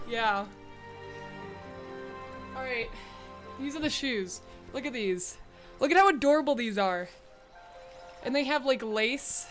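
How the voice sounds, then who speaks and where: A woman's voice: on the high side, unhurried, long pauses, fairly bright tone, faint music behind. A young woman streamer, bubbly and chatty with lots of "like" fillers, talking casually to her live chat from a room at home. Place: home room with a bright window.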